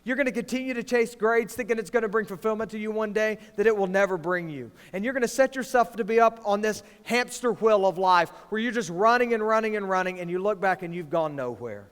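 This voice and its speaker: A man preaching to students as youth pastor, swinging from hushed lines to loud, emphatic ones. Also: sits high, brisk, few pauses, smooth. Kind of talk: sermon to students. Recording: long reverb of a large hall.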